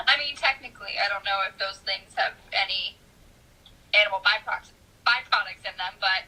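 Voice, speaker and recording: Animated husky woman chatting about books. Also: medium pitch, unhurried, long pauses, low-quality recording. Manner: animated, laughs often, acts out her own reactions. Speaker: book discussion co-host. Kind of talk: casual book chat.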